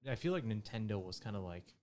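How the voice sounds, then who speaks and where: A man's voice: on the low side, expressive, quick pace, darkish tone, a little hiss or hum. A man from Spain, a podcast guest in casual chat, joking, swearing casually and trailing off mid-sentence.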